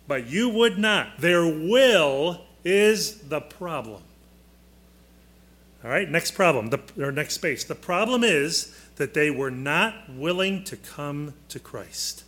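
A man teaching a Bible lesson to a class, deliberate and emphatic, pausing to quiz his listeners. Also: a little high, animated, a bit bright.

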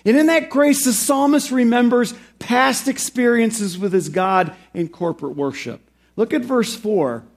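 A man with a notably high voice preaches a sermon, reading scripture and then explaining it. On the big points he slows right down and lifts his voice for emphasis. On the quieter reflective points he sinks low and soft. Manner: preaches with slow, emphatic rises on key phrases. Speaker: pastor.

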